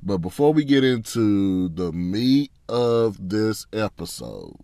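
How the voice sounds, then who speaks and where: A man's voice: lowish voice, very animated, slow pace, creaky, warm tone, no room sound. A man hosting a casual sports talk podcast, sounding congested and fatigued, frank and frustrated. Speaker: podcast host.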